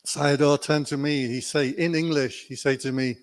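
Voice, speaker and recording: A man's voice: a little high, fairly even intonation, normal speed. A man teaching meditation, telling a retreat story in a playful way and acting out the quotes. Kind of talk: dharma talk with a story.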